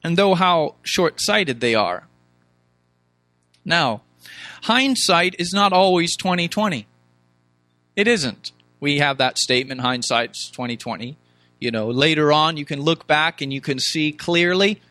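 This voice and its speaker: Bright high-voiced male preacher. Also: lively intonation, measured pace, dry recording. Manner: reads scripture aloud, mimics complaining voices; emphatic, repetitive rhetorical questions. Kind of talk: sermon.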